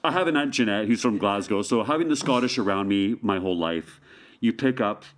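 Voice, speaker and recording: A man's voice: lowish voice, brisk. A Canadian man talking as a guest street artist in a casual interview, playful and rambling, full of jokes.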